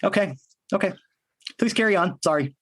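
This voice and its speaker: A man co-hosting a podcast, chiming in with quick reactions and apologies while his partner tells the story. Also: high voice, a bit bright, slightly rough, dry recording. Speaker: podcast co-host. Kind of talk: casual podcast banter.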